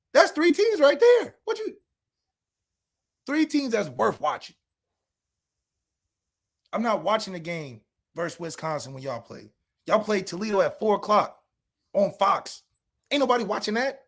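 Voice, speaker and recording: High, lively trash-talking man. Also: creaky. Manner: trash-talking, sarcastic, fires rhetorical questions; shouts at peaks. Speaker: podcast co-host. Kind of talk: sports podcast rant.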